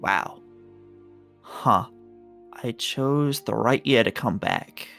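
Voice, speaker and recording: A man playing a nervous young former camper, talking in halting, hesitant bursts with some swearing. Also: mid-range voice, creaky, fairly bright tone, faint music behind, heavily acted. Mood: resolute. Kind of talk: in-character tabletop role-play.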